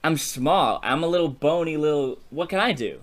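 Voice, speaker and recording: A man's voice: fairly high pitch, expressive, normal speed, lightly acted. A man voicing a small, bony male imp cast out of demon society, who talks in a light, pleading way.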